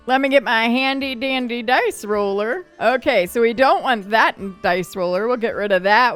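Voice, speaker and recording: A woman gamer narrates her play session in an easygoing, chatty way, her voice a touch high and very clear. She laughs often and jumps into excited squeals at surprises. Faint game music sits quietly behind her. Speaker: gaming channel host. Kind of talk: casual let's-play commentary.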